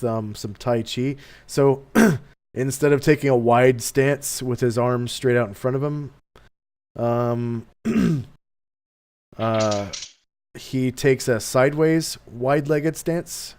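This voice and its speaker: A man narrating as game master of an online tabletop game, in a relaxed, meandering way with many ums. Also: mid-range voice, smooth. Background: faint music.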